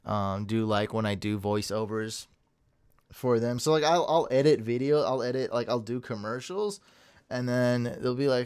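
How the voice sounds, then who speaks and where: Casting: man, podcast host, energetic, rambling, smooth voice, dry close sound. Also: mid-range voice, normal speed, no room sound. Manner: energetic, rambling, laughs at himself. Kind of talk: casual chat.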